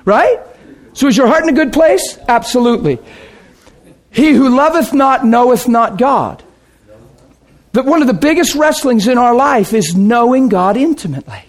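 A man preaching a sermon and telling his own conversion story, emphatic and dramatic, dropping to a hush and then shouting. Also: very high-pitched, animated, normal speed. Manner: emphatic, dramatic, swings between hushed and shouting. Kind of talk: sermon with personal testimony.

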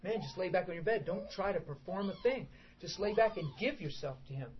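A middle-aged man preaching an informal sermon to a small group, emphatic and animated, acting out prayers and quotes as he goes. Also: high-pitched, brisk. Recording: dull lo-fi recording with faint background hiss.

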